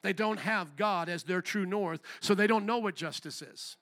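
High bright-voiced male pastor preaching. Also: normal speed. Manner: animated, acts out quotes, calls to the congregation. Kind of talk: sermon.

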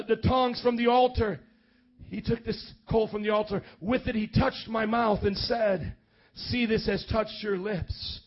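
A man preaching a sermon and reading scripture aloud, dramatic, swinging from loud calls to quiet low reading. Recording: dull lo-fi sound with faint music.

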